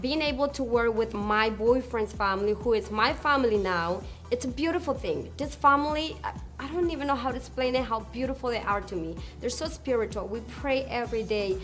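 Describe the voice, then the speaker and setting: High, bubbly woman, faint music. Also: fairly quick, few pauses. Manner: bubbly, giggly, excitable. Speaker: personal assistant. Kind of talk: casual promo interview.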